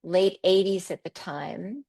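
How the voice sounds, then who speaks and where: Animated woman telling stories. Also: on the low side, slow, creaky. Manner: animated, repeats words for emphasis. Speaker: podcast host as interview guest. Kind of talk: conversational storytelling.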